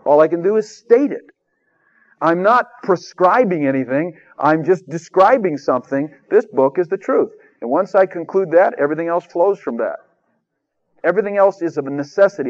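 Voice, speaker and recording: A man preaching in a folksy, conversational and emphatic way, in a radio sermon. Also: on the high side. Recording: dull lo-fi radio recording.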